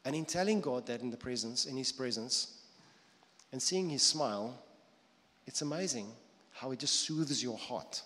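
A man's voice: medium pitch, expressive, moderate pace, pushed and bright, big-room sound. A man preaching a sermon in a conversational way, now and then acting out quoted voices.

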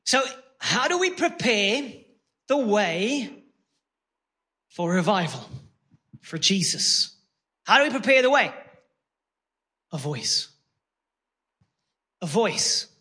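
A man's voice: high voice, sing-song, slow pace, pauses often, bright, forceful tone. A man preaching a sermon with emphatic, repeated phrases and words he stretches out for weight. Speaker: pastor.

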